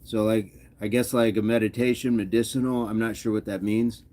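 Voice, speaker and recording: Man, lowish voice, casual livestream host, reads chat comments, easygoing. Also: little pitch movement, fairly quick, warm tone.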